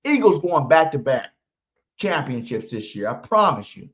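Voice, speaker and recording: A man's voice: fairly high pitch, big pitch swings, moderate pace. A man hosting a live pregame podcast, brash and emphatic, repeating his promises over and over. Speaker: podcast host. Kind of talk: hyped live pregame stream, reading chat. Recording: muffled lo-fi stream audio.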